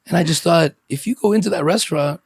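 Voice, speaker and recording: A man's voice: a little high, fast, slightly rough, dry recording, studio quality. A man hosting a podcast in casual conversation, telling stories with animation, acting out quoted lines and swearing freely. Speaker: podcast host.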